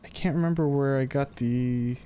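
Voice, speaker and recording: During live gameplay commentary, a male streamer talks through his thinking in a relaxed way, letting an occasional swear slip. He speaks at normal speed in a mid-range voice with a dark tone, over a faint hiss or hum.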